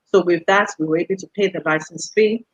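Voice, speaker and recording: A middle-aged woman from the UK, guest on an interview show, telling her story in lively casual chat and laughing often. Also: fairly low pitch, quick pace, muffled recording. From United Kingdom. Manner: animated storyteller, laughs often, acts out quoted voices. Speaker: guest, radio station executive.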